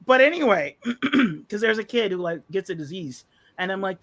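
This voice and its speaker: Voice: medium pitch, very animated, normal speed, a bit bright. Profane, sarcastic podcast host. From United States. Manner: rambling with fillers. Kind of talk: casual ranting commentary.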